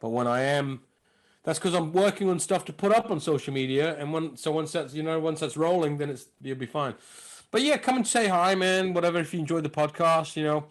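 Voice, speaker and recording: A man guesting on a podcast, talking in a loose, rambling way. His voice sits fairly high for a man, swinging between lifted bursts and low mutters. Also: brisk. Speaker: guest comedian. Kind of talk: casual podcast chat.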